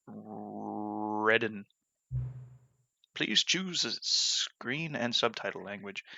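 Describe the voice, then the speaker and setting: A man's voice: lowish voice, creaky, pushed and bright, no echo. A man casually commenting on a game as he plays, rambling with fillers and false starts, on a dull lo-fi mic. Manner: rambling, many fillers and restarts. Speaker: let's play gamer.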